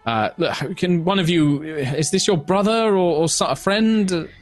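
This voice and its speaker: A man's voice: high voice, measured pace, a loud crowd, pitched above the performer's own voice. A man voicing a stern older male wizard in a tabletop game, speaking in a commanding, exasperated way.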